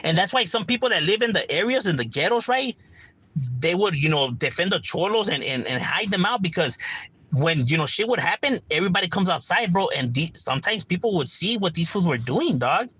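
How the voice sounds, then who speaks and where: A man's voice: sits high, lively intonation, brisk, bright, forceful tone, slightly rough, dry recording, poor audio. A man telling street stories in casual, slangy, profane chat on a livestream.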